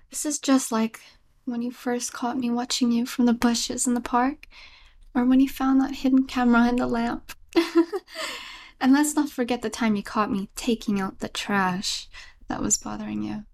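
A woman voicing a clingy, obsessive yandere girlfriend in a whispered role-play, soft and stammering, with frequent giggles. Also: a little high, steady tone, moderate pace, close to an everyday voice. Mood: doting, soft.

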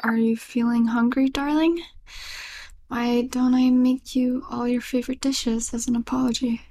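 A woman voicing a clingy, obsessive yandere girlfriend in a whispered role-play, soft and stammering, with frequent giggles. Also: a little high, steady tone, moderate pace, lightly acted. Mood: doting, soft.

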